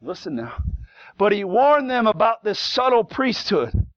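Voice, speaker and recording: A man preaching a fiery Pentecostal sermon in a church, swinging from low conversational asides to shouted exhortation in plain, folksy speech. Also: sing-song, measured pace, muffled recording. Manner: folksy plain-spoken grammar. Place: church sanctuary.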